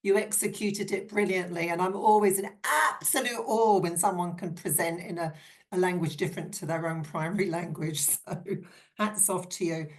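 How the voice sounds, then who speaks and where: A woman's voice: fairly low pitch, steady tone, normal speed. A woman chairing a virtual symposium session over a video call, upbeat and encouraging as she thanks the speaker and introduces the next one.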